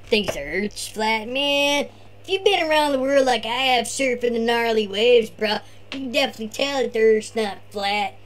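A man's voice: very high-pitched, moderate pace, a bit bright. A man voicing his laid-back surfer-dude cousin, who drawls slacker talk and tags bruh and man onto every line.

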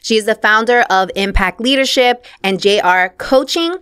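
A woman's voice: medium pitch, normal speed, a bit bright, clear, resonant tone. A woman hosting a podcast in a playful, slangy way, mixing in Spanish words as she introduces and chats with her guest. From Puerto Rican heritage. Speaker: podcast host. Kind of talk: casual podcast conversation.

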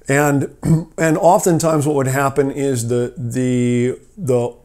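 A man's voice: medium pitch, dark tone. A man hosting a rescue mission podcast from his office, telling a parable in a friendly, hesitant way with many fillers. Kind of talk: storytelling devotional talk.

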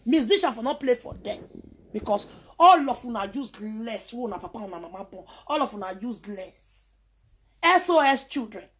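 A woman's voice: on the high side, animated, normal speed, husky. A woman from Nigeria with a Nigerian Pidgin English accent, delivering a heated, scolding rant full of repetitions. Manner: heated, scolding, repeats herself. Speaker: social media personality. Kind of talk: angry ranting monologue.

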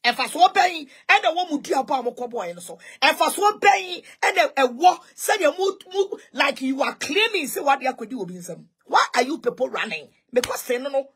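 A woman's voice: high-pitched, expressive, brisk, hardly any pauses, a bit bright. A Ghanaian woman ranting on social media, taunting with repeated mocking questions and switching between English and Twi. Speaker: online commentator. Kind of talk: heated social media rant.

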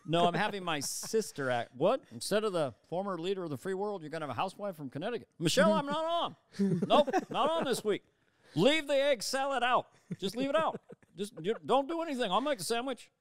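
Man doing a folksy ex-president impression, pushy, halting drawn-out phrasing, raised pitch, louder, smooth, dry. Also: very animated, no room sound. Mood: shouting, high. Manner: halting, drawn-out phrasing with sudden high shouts.

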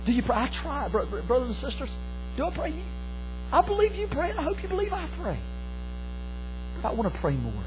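A pastor preaches with fervor, his voice rising into sudden loud cries and dropping low again. He speaks in a high register for a man. The sound is thin and phone-like, with a faint mains hum underneath. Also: wildly swooping pitch, brisk, pauses often. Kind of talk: sermon. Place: church.

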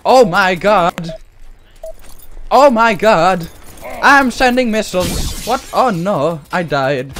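A man's voice: sits high, animated, slow pace, fairly bright tone, a little hiss or hum. A man giving playful gameplay commentary as a gaming YouTuber, full of silly, exaggerated trash talk and mock-serious jokes.

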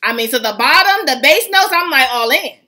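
A woman hosting a casual fragrance review vlog, chatty and excitable, greeting her viewers as family. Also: high voice, a little fast, soft background music. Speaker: fragrance vlogger host.

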